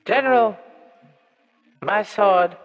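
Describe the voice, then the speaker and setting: A man voicing a tiny, pompous demon child lord who speaks in slow, grand commands. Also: high-pitched, big-room sound, music in the background, rough recording. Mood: grandiose.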